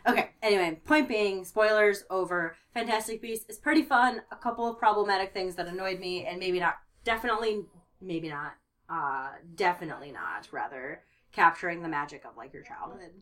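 A woman co-hosting a casual movie podcast, animated and laughing often as she mimics characters. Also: fairly low pitch, fairly quick. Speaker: podcast co-host.

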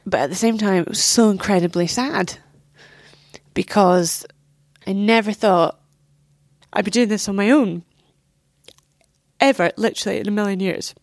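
A woman's voice: medium pitch, moderate pace, dry recording, clean studio sound. A young woman telling a painful personal story as an interview guest, candid and swearing, acting out what others said.

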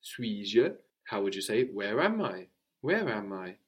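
A man teaching French to a student, explaining slowly and repeating phrases for her to copy. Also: fairly low pitch, sing-song, fairly bright tone, husky. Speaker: language teacher.

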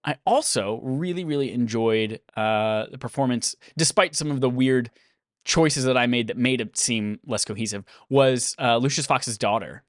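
A man's voice: mid-range voice, moderate pace, no echo, clean studio sound. A man in a casual podcast chat, chatty and full of fillers. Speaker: podcast co-host.

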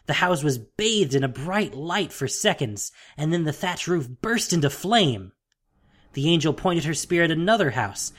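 A narrator reading a fantasy audiobook in a steady, dramatic storytelling manner. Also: medium pitch.

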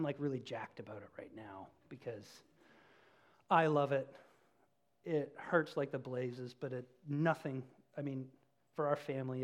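A male pastor giving a passionate sermon that swings from emphatic, raised declarations to quiet, intimate moments. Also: medium pitch. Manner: passionate, repeats himself in emphatic lists, then drops to quiet and intimate.

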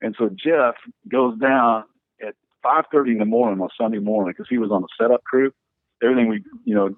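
A pastor and church planter with a lowish voice tells animated stories in a podcast interview, rambling with many fillers and restarts. The line sounds dry and tinny, like a phone, with no echo.

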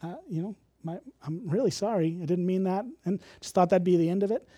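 A man's voice: sits high, brisk, warm tone, dry recording, studio quality. A man from Illinois preaching a sermon, candid and conversational, with self-deprecating humor. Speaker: pastor.

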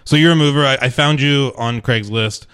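A man's voice: mid-range voice, normal speed, a bit bright, clear, resonant tone. A man co-hosting a comedy radio show, joking around in goofy, playful banter. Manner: playful, goofy back-and-forth. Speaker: radio DJ co-host.

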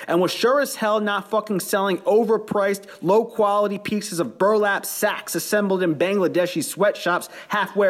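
A man's voice: sits high, pitched above the performer's own voice. A man doing a fiery, profane sales boss. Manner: preachy, rousing, profane. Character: fiery male sales boss rallying his team.

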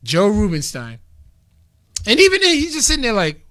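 He sits high in pitch and talks at a normal rate. As a guest on a podcast, he's recounting a convention in casual talk, telling lively stories, laughing frequently, and voicing what others said.

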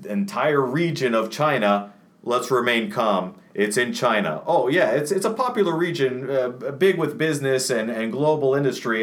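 A man voicing a smug, falsely calm male official who brushes off danger with dismissive, sing-song reassurance. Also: medium pitch, voice pushed down, natural voice.

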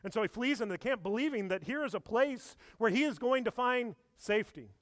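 Preacher guy, kinda high voice, lively storytelling with lots of questions, dry close sound. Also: brisk, no echo. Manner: animated storytelling with rhetorical questions. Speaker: pastor. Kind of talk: sermon.

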